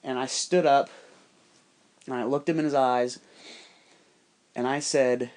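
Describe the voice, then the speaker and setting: A man's voice: mid-range voice, fairly even intonation, unhurried, darkish tone. A man telling a rambling, heavily profane story in a casual, conspiratorial monologue.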